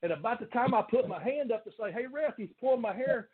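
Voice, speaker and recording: A man telling animated wrestling stories in casual chat, laughing often. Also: very high-pitched, quick pace. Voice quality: country accent. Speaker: guest, former pro wrestler. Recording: phone-like line with faint noise.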